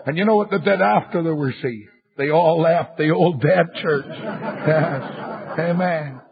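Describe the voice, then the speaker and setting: An older man preaching a fiery revival sermon, telling stories and rising into shouts. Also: a little high, unhurried, creaky. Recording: muffled lo-fi sermon recording.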